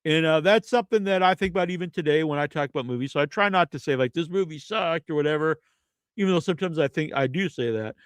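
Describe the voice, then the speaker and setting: A man's voice: on the high side, quick pace, smooth, no echo. A man hosting a podcast, ranting in a casual, rambling and profane way. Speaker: podcast host. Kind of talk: casual rant.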